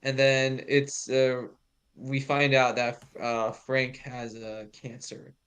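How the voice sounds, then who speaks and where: A man co-hosting a TV aftershow in casual chat, making dry, deadpan quips. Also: medium pitch, takes it slowly. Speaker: aftershow co-host.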